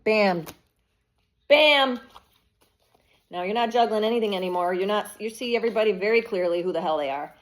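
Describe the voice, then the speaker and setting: A woman's voice: mid-range voice, brisk, pauses often. A woman giving a collective tarot reading, speaking bluntly and emphatically, with frequent swearing. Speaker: tarot reader.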